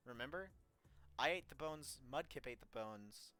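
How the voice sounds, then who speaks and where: Man, bright voice, playful, reads game text aloud, faint music behind. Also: mid-range voice, animated, fairly quick. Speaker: streamer playing a text adventure.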